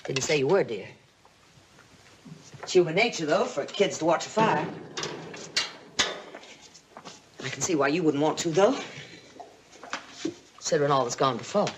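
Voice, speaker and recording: An actress playing an insinuating, scolding middle-aged aunt, in 1950s TV drama style. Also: female voice, low-pitched, animated, moderate pace, pauses often. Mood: sly. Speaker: aunt Mildred. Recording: hissy old TV soundtrack.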